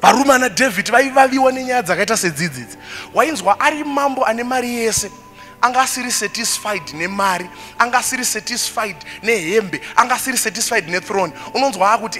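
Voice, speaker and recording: High bright-voiced pastor preaching. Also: male voice, fast talker, in a large hall, faint music behind. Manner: switches between Shona and English, animated preaching with laughter. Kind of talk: sermon.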